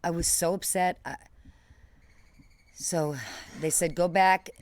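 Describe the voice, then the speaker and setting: A halting woman recounting a painful loss in an interview. Her delivery is detached and matter-of-fact, with frequent restarts and trailing phrases. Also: fairly low pitch, fairly even intonation, darkish tone, a little hiss or hum. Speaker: interview guest. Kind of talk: emotional personal storytelling.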